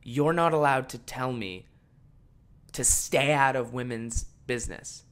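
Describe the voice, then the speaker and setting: A young man hosting a podcast, ranting casually and swearing a lot, swinging from mumbled asides to loud exasperated outbursts. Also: medium pitch, measured pace. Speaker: podcast host.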